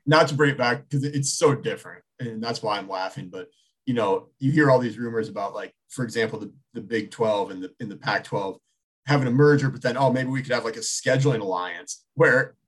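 A man in his thirties talking sports in a loose, casual way. His voice has a husky edge. He circles his points, restarting and rephrasing as he goes. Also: mid-range voice, brisk. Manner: rambling, many restarts, thinking aloud. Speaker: sports talk show co-host.

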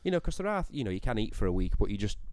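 A man's voice: lowish voice, sing-song, rapid-fire, crowd noise. A man, co-hosting a podcast in casual chat, rambling with lots of fillers and repeats. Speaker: podcast co-host. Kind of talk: casual chat, beer tasting.

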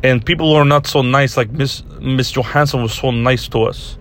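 Man putting on a gruff Russian boom operator. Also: moderate pace, slight background noise, natural voice. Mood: deadpan. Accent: put-on Russian. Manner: blunt, broken English, deadpan.

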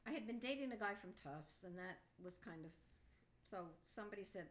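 An older woman being interviewed by her daughter, telling a story from her college years in a lively, quoting way. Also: mid-range voice, a little fast. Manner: storytelling, animated quoting, laughs easily. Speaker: guest, interviewee's mother.

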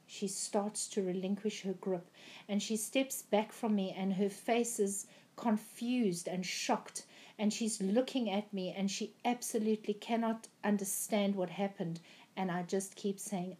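A woman's voice: medium pitch, measured pace, a little mellow. A woman earnestly recounting a prophetic dream, with frequent ums and restarts. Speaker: Christian speaker.

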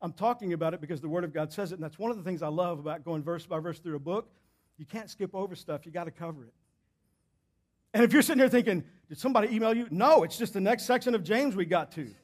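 High-voiced and quick, a male pastor preaches a sermon to his church, stressing and restating key ideas while his volume rises and drops.

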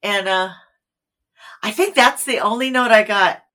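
An American woman, middle-aged, telling stories as an actor guest in a casual interview, animated and quick to laugh. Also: mid-range voice. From United States. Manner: animated storyteller, laughs easily.

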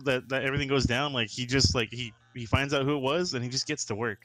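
A man's voice: mid-range voice, steady tone, quick pace, bright, forceful tone, soft background music, poor audio. A man co-hosting a casual movie review podcast, rambling with constant filler words and laughing often. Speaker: podcast co-host.

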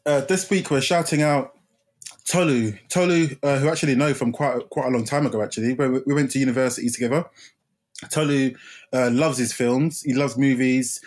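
A man co-hosts a casual movie podcast in an easygoing way, repeating himself and laughing often. He sounds a little tired after a gym session. His voice sits at an ordinary middle pitch. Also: steady tone, fairly quick. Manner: laid-back, laughs often, repeats phrases. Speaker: podcast co-host. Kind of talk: casual film podcast chat.

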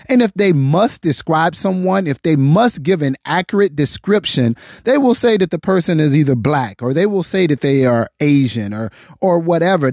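A man's voice: fairly high pitch, a little mellow, no room sound, studio quality. An American man in his forties giving his opinion in casual commentary, passionate and full of rhetorical questions. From United States. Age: 40s.

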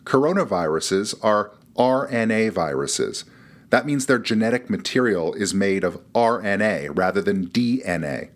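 A man's voice: on the low side, expressive, a little slow. A man hosting a podcast, reading a scripted narration with a dry, wry delivery. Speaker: podcast host.

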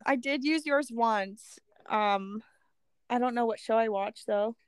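A woman's voice: a little high, a little slow, clean tone, dry recording, clean studio sound. Easygoing, giggly woman on a podcast. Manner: easygoing, self-deprecating, giggly. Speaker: podcast co-host. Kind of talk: casual chat.

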